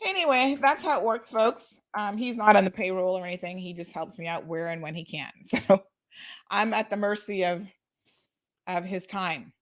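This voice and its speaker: A woman's voice: mid-range voice, normal speed. A woman hosting a talk show, chatting casually with sassy asides to viewers. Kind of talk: casual commentary.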